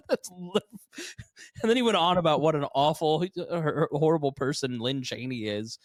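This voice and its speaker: A man's voice: on the high side, a little fast, no echo, studio quality. A man co-hosting a casual podcast, telling stories with lots of laughter and mimicking people. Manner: animated storyteller, laughs a lot, mimics people. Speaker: podcast co-host. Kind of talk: casual chat.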